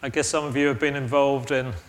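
A man's voice: mid-range voice, fairly even intonation, brisk. A man preaching a sermon in an earnest, thoughtful way, often restarting his phrases. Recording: long reverb of a large hall.

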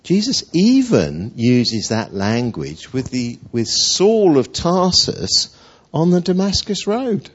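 Lively husky male preacher. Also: a little high, takes it slowly, hardly any pauses. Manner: animated storytelling, acting out quotes. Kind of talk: sermon. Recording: dull lo-fi recording.

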